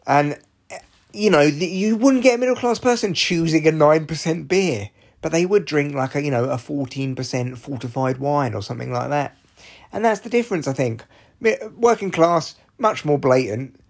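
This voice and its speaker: A man's voice: a little high, moderate pace, vocal fry. Sweary, rambling male podcaster. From Scotland. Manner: candid, sweary, rambling with restarts and asides. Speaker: podcast host. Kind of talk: casual monologue.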